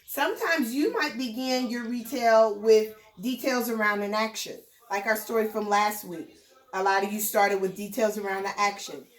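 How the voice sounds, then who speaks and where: A woman's voice: medium pitch, reverberant, distant mic, low-quality recording. A woman teaching a recorded lesson to young children in a sing-song, encouraging way, stressing words for emphasis.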